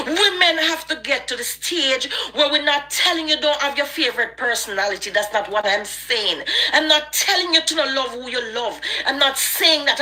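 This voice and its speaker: Speaking in a high-pitched, bright and forceful voice, a Jamaican-accented woman hosts an online live stream. Her rant is passionate, emphatic and preachy.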